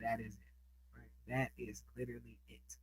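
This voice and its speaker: A man's voice: medium pitch, level tone, normal speed, low-quality recording. A man giving a casual screen-share trading lesson as its instructor, chatting and often checking in with his listeners. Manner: chatty, keeps asking "right?".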